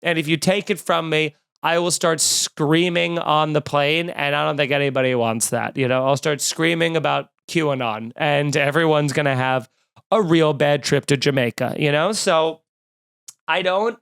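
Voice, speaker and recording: Snarky man ranting, smooth clear voice. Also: a little high, moderate pace. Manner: snarky, animated, mocking voices in quotes. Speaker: comedian podcast host. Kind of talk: comedic rant.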